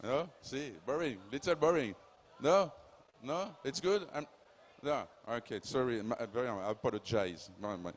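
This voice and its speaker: A man with a strong French accent giving a halting, apologetic panel speech about film distribution. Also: medium pitch, expressive, a little hiss or hum. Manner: halting, apologetic, self-deprecating.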